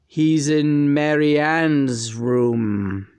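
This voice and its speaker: A woman voicing her late husband as he speaks through her, in a slow, halting and tender manner. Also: deep voice, darkish tone, clear, resonant tone. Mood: slow deadpan.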